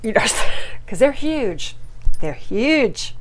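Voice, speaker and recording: A woman's voice: takes it slowly, noisy background. Chatty gossiping woman recapping TV. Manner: chatty and gossipy, with lots of ums; animated, with sudden high jumps on punchlines. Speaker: podcast host. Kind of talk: casual TV recap commentary.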